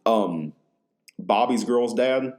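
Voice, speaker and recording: A man's voice: on the low side, slow, darkish tone. A young man hosting a podcast, telling a story in a rambling, profane casual chat full of fillers. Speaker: podcast host.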